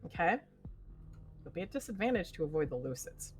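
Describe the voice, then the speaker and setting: A woman narrating as game master, making quick rule calls over faint music. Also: fairly low pitch, big pitch swings.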